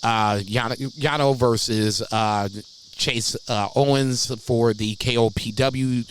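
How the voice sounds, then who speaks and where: Man, podcast co-host, casual chat, cursing, laughs often, mid-pitched voice. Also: steady tone, slow, a little hiss or hum, low-quality recording. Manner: profane, laughs a lot.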